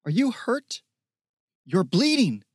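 A man reading an audiobook voices a frightened young woman calling out anxiously to a friend. He pitches his voice well up for her and presses each call with urgency. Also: very animated, normal speed, slightly rough, no room sound, clean studio sound, heavily acted. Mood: worried.

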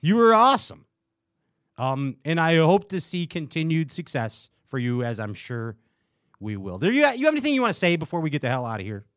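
A man hosting a casual podcast in a playful, joking way. His voice sits a bit high and swings widely in pitch. The sound is dry and close. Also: brisk, no echo. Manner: playful, jokey, bursts of excitement. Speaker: podcast host.

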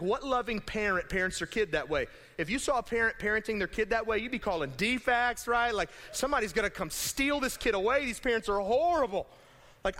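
A young adult man, a pastor, giving a conversational, animated sermon in a church and acting out imagined voices. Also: high-pitched. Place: church sanctuary. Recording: hall reverb.

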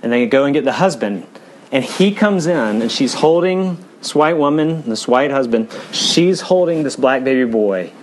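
A male pastor preaching a sermon in a church, earnest, swinging from fast emphatic runs to low, quiet stretches. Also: expressive, slight background noise.

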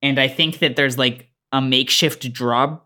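Low-voiced woman game master. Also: fairly even intonation, normal speed, sharp tone. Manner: loose, rambling, swears and laughs. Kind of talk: narrating a tabletop game.

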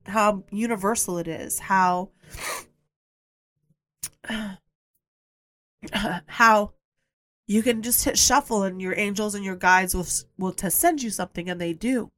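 A woman's voice: mid-range voice, unhurried, long pauses, a bit bright, no echo. A woman hosting a podcast, telling a personal story in a candid, emphatic way, repeating her points and sometimes swearing. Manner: blunt, occasionally swears. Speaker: podcast host.

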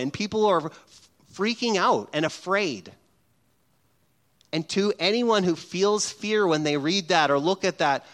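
A middle-aged pastor delivers a sermon in a notably high voice for a man. He is animated and playful, and often slips into acted-out scenes to make his point. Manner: animated and humorous, acting out little scenes.

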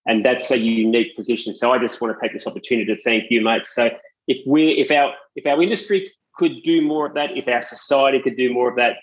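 A man's voice: medium pitch, fast. Earnest Australian man, dull lo-fi sound. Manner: earnest, heartfelt. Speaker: fitness business owner, podcast guest. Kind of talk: casual podcast chat.

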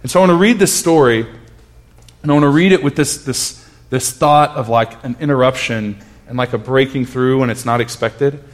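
A man in his thirties preaching a conversational sermon, telling a personal story earnestly with frequent restarts and dropping to a hush at tender moments. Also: medium pitch, moderate pace. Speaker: pastor.

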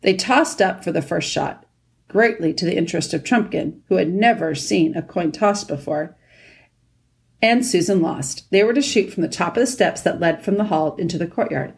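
A woman narrating a children's storybook at a steady pace. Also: lowish voice, normal speed, vocal fry. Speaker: audiobook narrator.

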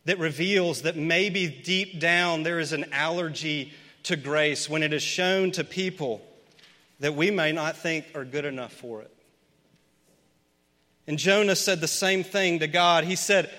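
High bright-voiced preacher in an echoing hall. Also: male voice. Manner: conversational, earnest, builds to emphatic points. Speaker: pastor. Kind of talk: storytelling sermon. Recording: long reverb of a large hall.

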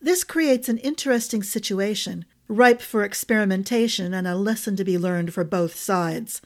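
A woman's voice: mid-range voice, moderate pace, darkish tone, lightly acted. Woman voicing a pompous stern magistrate.

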